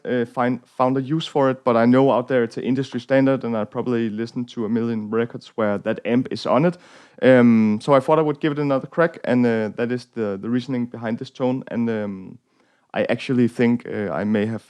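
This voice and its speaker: A young Danish man with a Danish accent hosts a casual guitar tone tutorial, walking through his gear in a rambling way full of fillers and self-deprecating jokes. His voice is smooth and medium-pitched with a darkish tone.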